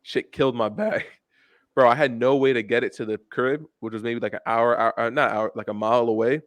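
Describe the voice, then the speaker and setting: A man's voice: mid-range voice, steady tone, brisk, no echo. A young man co-hosting a podcast, telling rambling, profane stories in casual chat and calling everyone "bro". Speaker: podcast co-host.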